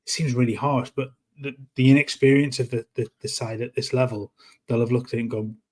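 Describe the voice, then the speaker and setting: A man's voice: medium pitch, level tone, darkish tone. A man co-hosting a football podcast in casual chat, stopping and restarting his sentences often. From North East England. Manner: halting, many restarts and repeated words. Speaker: podcast co-host.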